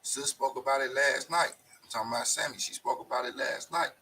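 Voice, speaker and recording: A man's voice: mid-range voice, fairly even intonation, a little fast, pushed and bright, distant mic, a little hiss or hum, rough recording. A male show host delivering a blunt, profane, emphatic monologue straight to his viewers. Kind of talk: casual ranting monologue.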